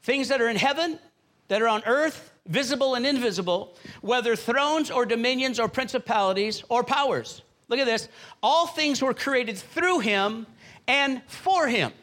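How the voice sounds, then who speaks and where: A man's voice: very high-pitched, expressive, moderate pace, fairly bright tone. A middle-aged man preaching a sermon as pastor, fervent and rhythmic, repeating phrases and calling out to the congregation.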